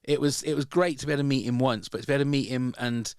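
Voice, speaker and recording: A man's voice: medium pitch, fairly even intonation, racing, darkish tone, clear, resonant tone, no echo, clean studio sound. A man, hosting a podcast and telling a long, rambling story in casual chat, often restarting his sentences. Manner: rambling, with many restarts and repeated words. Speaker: podcast host.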